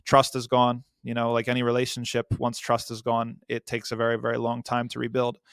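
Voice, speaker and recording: A man speaking as a podcast guest, answering in an earnest, measured way with some fillers. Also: mid-range voice, monotone, vocal fry, fairly bright tone, clean tone, no room sound, studio quality.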